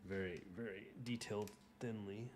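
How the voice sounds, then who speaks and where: Male streamer-artist, lowish voice, loose rambling chat with self-mocking jokes, mumbles as he works. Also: fairly even intonation, normal speed, noisy background. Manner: talks while drawing, trailing off into soft mumbles. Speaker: artist hosting a drawing livestream. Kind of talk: casual livestream drawing commentary.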